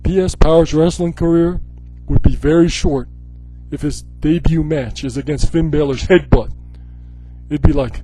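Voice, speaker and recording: A man hosting a wrestling video, ranting sarcastically in a casual, animated way with lots of "you know, like". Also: fairly high pitch, normal speed, faint music behind, rough recording. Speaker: wrestling commentary video host. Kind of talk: comedic rant.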